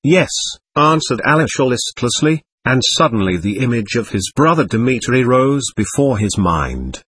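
A man narrating a classic novel as an audiobook in a measured, expressive reading. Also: medium pitch, slightly rough, no echo. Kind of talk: scripted narration.

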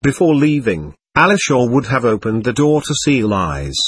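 A man reading a classic novel aloud as an audiobook narrator, with expressive, varied delivery. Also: medium pitch, normal speed, slightly rough, no room sound.

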